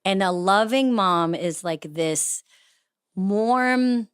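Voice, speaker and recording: A woman's voice: medium pitch, animated, extremely slow, clean tone, no room sound, studio quality. A woman in her fifties hosting a podcast, affirming her guest, laughing and chiming in often. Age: 50s. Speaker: podcast host. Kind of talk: casual interview chat.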